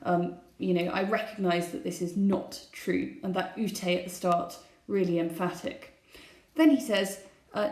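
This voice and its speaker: A woman's voice: medium pitch, takes it slowly, a little mellow. Woman teaching, echoey room. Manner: explanatory, poses questions to students. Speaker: classics teacher. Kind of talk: recorded lesson over slides.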